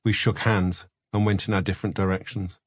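A man with a low, husky voice narrates a memoir in a measured, matter-of-fact way. He is close on the mic in a dry, dead studio. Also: level tone, no room sound. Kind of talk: scripted audiobook narration.

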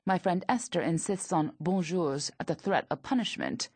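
A woman in her thirties narrating her memoir in a dry, observational manner, with a husky, gravelly voice. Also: on the low side, expressive, moderate pace, a little mellow, no echo. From United States.

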